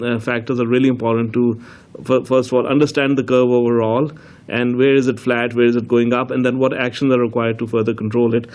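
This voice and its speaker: A middle-aged man, a public health officer, explaining things in a measured way with frequent fillers at a press briefing. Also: medium pitch, a little mellow. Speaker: chief medical health officer.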